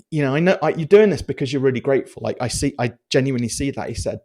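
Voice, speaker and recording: A man, a podcast guest telling stories in a casual, animated way with many restarts. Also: mid-range voice, very fast, hardly any pauses. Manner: animated, chatty storyteller with many restarts and fillers. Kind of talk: casual storytelling interview.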